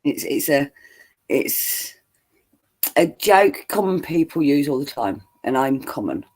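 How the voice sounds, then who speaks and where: A man's voice: a little high, very animated, slow pace, a little mellow. A man with a southern English accent in casual chat on a stream, jokey and laughing often. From southern England.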